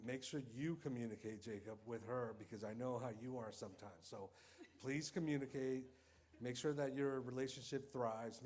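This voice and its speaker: A man's voice: mid-range voice, darkish tone. A man giving a heartfelt wedding toast at a reception, repeating earnest advice to the couple and often adding "okay?". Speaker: wedding guest giving a speech.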